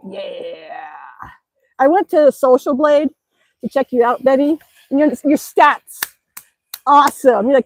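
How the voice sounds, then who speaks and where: A woman's voice: high-pitched, darkish tone, no echo, poor audio. A woman from Alaska chatting cheerfully on a live stream outdoors, out of breath as she works out and exclaims often. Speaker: livestreaming vlogger. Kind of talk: casual live-stream chat. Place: outdoors, by an exercise bike.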